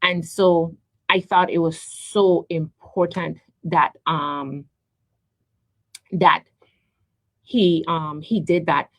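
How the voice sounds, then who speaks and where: Recorded dry on a studio microphone with poor audio and no echo, a woman radio host from St. Croix, U.S. Virgin Islands, delivers a heartfelt, emotional monologue about her own life. Her voice is low with fairly even intonation, and she halts, repeats words and says um a lot.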